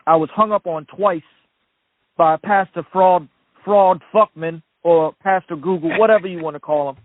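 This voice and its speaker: A man's voice: high-pitched, no room sound. A male caller on a call-in show delivering a furious, profane rant. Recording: dry phone line.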